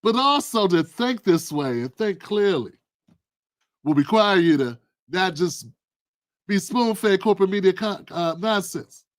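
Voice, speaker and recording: A man hosting his own political commentary livestream, talking in an animated, preachy, colloquial way. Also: sits high, measured pace, no echo. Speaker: livestream host.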